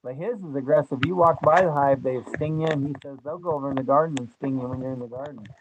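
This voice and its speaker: An older man, chatting in a rambling, folksy way about life on the homestead. His voice sits at a middle pitch. The recording sounds dull and lo-fi, with a faint hiss underneath. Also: fast talker. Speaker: homesteading channel host. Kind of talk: casual chat.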